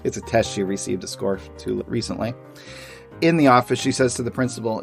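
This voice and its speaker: A man's voice: on the low side, a little fast, soft background music. A man co-hosting a podcast, chatting with teasing humor and reading comic strips aloud. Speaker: podcast co-host.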